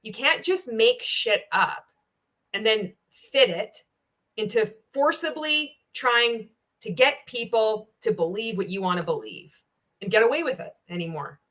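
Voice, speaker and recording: A woman's voice: fairly high pitch, lively intonation, measured pace, a bit bright. A woman giving reaction commentary in a blunt, sarcastic way, swearing often. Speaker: reaction video host.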